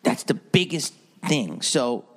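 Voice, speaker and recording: A man's voice: medium pitch, big pitch swings, slow, slightly rough. A man hosting a solo podcast, rambling through stories with a sarcastic edge. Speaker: podcast host.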